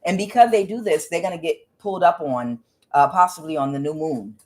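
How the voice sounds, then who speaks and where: A woman's voice: sits low, brisk, darkish tone. A woman tarot reader giving a casual, emphatic spiritual reading, preachy and blunt, with some swearing.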